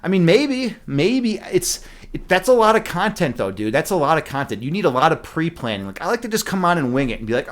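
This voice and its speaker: A man's voice: fairly high pitch, very animated, brisk. A young man from the Midwestern US hosting a casual livestream, rambling, swearing freely and joking with his chat. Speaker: livestream host.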